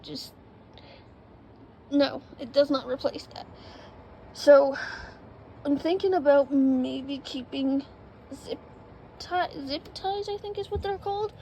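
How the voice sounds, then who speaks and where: A woman's voice: sits high, darkish tone, slight background noise, low-quality recording. A woman vlogging in casual chat inside an RV, rambling with lots of ums as she moves around. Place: indoors in an RV.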